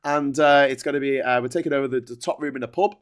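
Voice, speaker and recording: A man with a Liverpool accent hosting a casual livestream chat, animated and joking with quick bursts of laughter. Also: mid-range voice, smooth. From Liverpool, England. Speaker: host.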